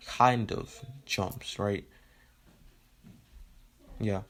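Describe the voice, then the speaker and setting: A man casually retelling a fan story, rambling and leaning on fillers like "right?" and "you know", with the odd swear. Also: lowish voice.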